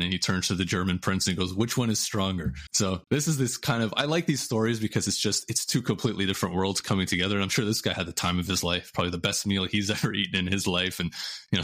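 A man co-hosting a history podcast, telling stories in a casual, animated way and laughing at the funny parts. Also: on the low side. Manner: animated, laughs while telling anecdotes, acts out quotes. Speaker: podcast co-host.

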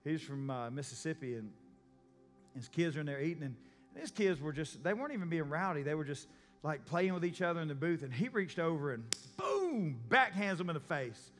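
This pastor's slightly high, somewhat bright voice moves fairly quickly with lively intonation. An adult and a parent, he preaches conversationally in a church sanctuary, storytelling and acting out characters' voices, under long church reverb and faint music.

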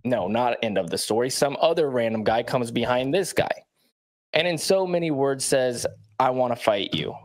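A man's voice: mid-range voice, moderate pace. A man, a professional athlete, telling a story bluntly in short emphatic sentences, often checking in with the listener. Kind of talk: storytelling in a played clip.

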